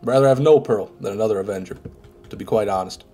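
A young man with a head cold streams a game live, talking fast in a low, dark voice. He chats casually with viewers, reads chat aloud, and swears occasionally, with faint music in the background.

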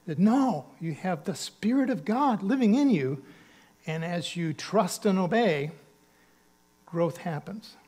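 A man's voice: high voice, a little mellow. A man preaching a sermon as pastor, speaking earnestly and conversationally, with emphatic bursts on key words. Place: church sanctuary.

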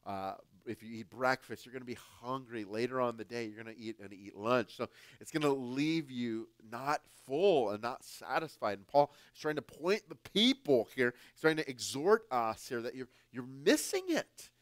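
A male preacher from the United States speaks at a middle pitch, casual and emphatic, pushing some phrases loud and dropping others low. The recording is dry and close, with no room sound. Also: expressive, moderate pace, hardly any pauses, no echo. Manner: emphatic, conversational, swings louder and softer. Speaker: guest pastor. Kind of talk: sermon.

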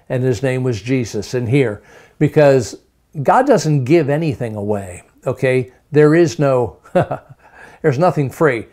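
A man's voice: mid-range voice, darkish tone. A man preaching a sermon, emphatic, piling up rhetorical questions and repeating words for stress.

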